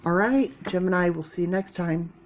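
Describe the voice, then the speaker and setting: A woman's voice: fairly low pitch, moderate pace, background noise. A woman doing a casual tarot reading to camera, thinking aloud and repeating key words as she explains the cards. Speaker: tarot reader.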